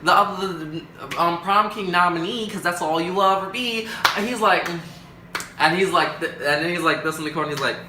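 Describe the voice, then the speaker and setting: A young man telling a storytime vlog, dramatic and animated, acting out quotes with big jumps in pitch. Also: normal speed, reverberant, background noise. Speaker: vlogger.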